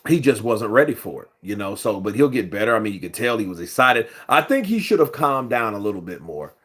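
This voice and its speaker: Low-voiced man hosting a loose boxing livestream. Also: big pitch swings, a little fast, a bit bright, slightly rough. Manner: loose, rambling, many fillers, greets chat viewers. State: has a cold. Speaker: boxing news host. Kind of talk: casual livestream commentary.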